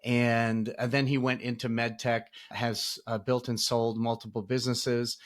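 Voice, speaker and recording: Podcast host, male, upbeat and chatty, laughs easily, mid-pitched voice. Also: level tone, measured pace. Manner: upbeat, laughs often, restarts sentences. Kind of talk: casual podcast interview.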